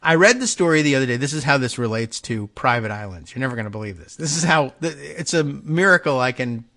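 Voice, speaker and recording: A man's voice: mid-range voice, animated, fast talker, bright, forceful tone. A man hosting a talk show, thinking aloud in a casual, rambling monologue, wry and self-mocking as he wanders off topic. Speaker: radio show host.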